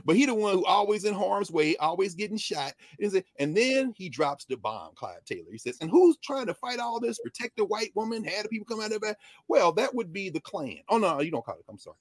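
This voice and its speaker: A man talking in an animated, digressive way in a conversation, often jumping up and down in pitch. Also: husky, no echo, clean studio sound. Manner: lively, digressive, quick shifts between high and low pitch. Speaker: guest.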